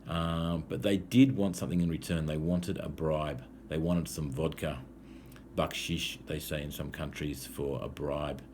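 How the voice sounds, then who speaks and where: Deep-voiced Australian man telling a story. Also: steady tone, a little slow, a little mellow, slight background noise. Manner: easygoing, frequent "um" fillers. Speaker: English teacher. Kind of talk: casual storytelling for language learners.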